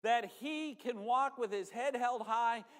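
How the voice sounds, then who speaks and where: Speaking slowly in a very high-pitched, somewhat bright voice, a northern U.S. pastor preaches to his congregation. The sermon is folksy and conversational, and the church sanctuary adds hall reverb to the recording.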